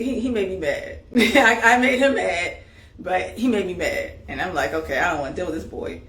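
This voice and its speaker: Low-voiced emotional woman, echoey room. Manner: emotional, wavering between soft and loud. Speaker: host. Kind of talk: candid personal talk on grief.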